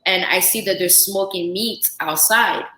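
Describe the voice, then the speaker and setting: A young woman from Central Africa, a chef appearing as a podcast guest, tells a story in casual chat with a voice on the low side, a little slow, over slight hiss or hum. She's an animated storyteller who acts out the dialogue and says "like" a lot, in a roomy, echoey podcast room.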